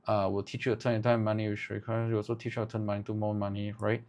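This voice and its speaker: A man teaching ad writing live, thinking aloud in halting bursts and tagging his points with "right?". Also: on the low side, flat delivery, a little mellow. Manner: halting, with many restarts. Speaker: agency owner teaching ad writing.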